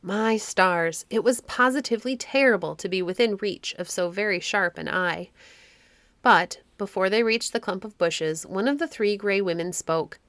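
A woman reading a children's classic story aloud, with expressive narration. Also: medium pitch, moderate pace, no room sound.

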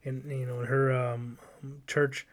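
A man co-hosting a podcast, chatting casually and telling stories with quick put-on voices. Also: medium pitch, monotone. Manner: playful storyteller, slipping into quick put-on voices. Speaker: podcast co-host. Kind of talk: casual chat.

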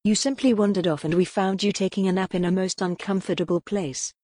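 A woman voicing a calm, soothing young man in a cult who speaks with quiet control in a gothic audiobook. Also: sits high, fairly quick, no room sound, studio quality.

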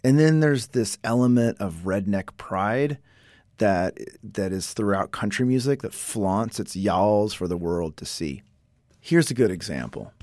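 A man hosts a relaxed explanatory talk in a fairly low voice. He reads passages aloud and keeps stepping out of them to add chatty asides. The sound is dry and close, with no room around it. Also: unhurried, dry recording. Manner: chatty, breaks into read quotes with asides. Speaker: podcast host.

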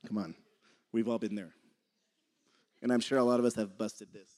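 A man's voice: lowish voice, steady tone, normal speed, darkish tone. A young man giving a casual sermon, conversational and laughing often, sometimes losing his train of thought. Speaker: preacher.

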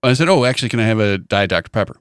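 A podcast co-host, telling a wry story in casual chat. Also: male voice, lowish voice, lively intonation, rapid-fire, clean tone, dry recording, clean studio sound. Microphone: studio mic.

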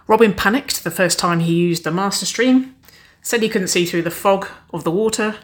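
A woman's voice: mid-range voice, normal speed, natural voice. A woman doing a cheeky firefighter woman. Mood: playful. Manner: cheeky, joking, grinning. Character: teasing playful young woman firefighter.

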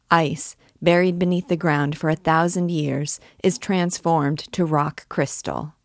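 A woman's voice: sits low, no room sound, clean studio sound. A woman voicing a proud, fiery male archdeacon and alchemist who declaims his views in a grand manner, reading from a novel.

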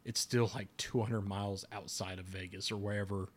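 Low-ish guy hosting a podcast, loose rambly chat, lots of restarts. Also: steady tone, normal speed. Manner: chatty, rambling with restarts and laughs. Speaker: podcast host. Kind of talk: casual chat.

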